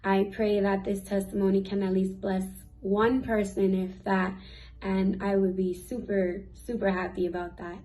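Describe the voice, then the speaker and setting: A woman's voice: mid-range voice, little pitch movement, warm tone, poor audio. Earnest young woman giving a testimony. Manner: earnest, emotional, with fillers and pauses. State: teary at times. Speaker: youth ministry speaker. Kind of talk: personal faith testimony.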